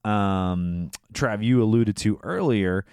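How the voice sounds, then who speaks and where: A man co-hosting a podcast, recapping a movie in casual chat, often laughing and dropping into quick character voices. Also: on the low side, darkish tone, clean tone, no echo. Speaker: podcast co-host.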